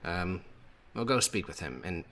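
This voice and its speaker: A scheming noblewoman, as a game master puts her on talks softly and calmly to win a deal. The voice stays low with a bright edge, and her words come out slow and deliberate. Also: slight background noise. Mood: smooth, scheming. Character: scheming noblewoman, smooth and persuasive.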